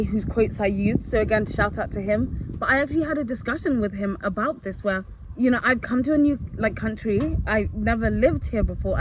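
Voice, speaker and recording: A young woman talking to her viewers in a loose, chatty monologue. She tells it candidly, with lots of fillers and restarts. Faint noise sits behind her voice. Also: fairly high pitch. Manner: candid, animated, many fillers. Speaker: vlogger. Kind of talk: casual storytelling monologue.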